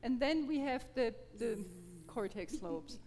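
In a reverberant hall, an animated, warm-toned, high-voiced woman teaches a live Feldenkrais workshop through an interpreter, with a little hiss or hum audible. Her delivery is halting and encouraging, with repeated words and frequent laughter.

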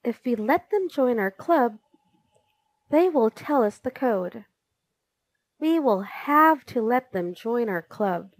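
A woman voicing a bossy boy who leads a kids' club, gruff and commanding, read slowly in a storybook reading. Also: on the high side, expressive, dry recording.

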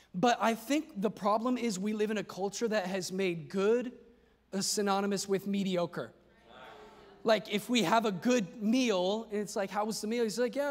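A man preaching a sermon in a large church hall, with an urgent, impassioned delivery. His voice sits fairly high for a man. Long reverb hangs behind every phrase. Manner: impassioned preaching that rises to shouts. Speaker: pastor.

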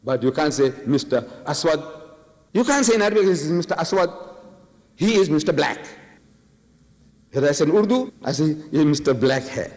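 A man lectures with emphatic, argumentative force, firing off rhetorical questions. His voice sits a little high and swings widely in pitch. The recording carries a long reverb from a large hall. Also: animated, brisk, pauses often, a little mellow. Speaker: Islamic lecturer. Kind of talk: religious lecture to an audience.

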